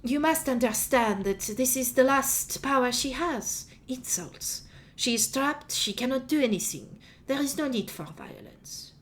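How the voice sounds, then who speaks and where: A woman doing a calm, soothing peacemaker. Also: sits high, a little slow, slight background noise, pitched above the performer's own voice. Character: calm, peace-keeping woman in a tabletop game.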